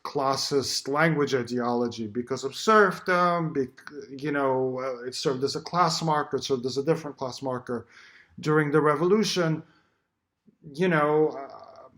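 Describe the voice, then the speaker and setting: A middle-aged man from Russia giving a recorded talk as a poet, reflective and halting, with many fillers and restarts and some dry humor. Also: on the high side, a bit bright. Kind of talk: recorded symposium address. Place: Shanghai.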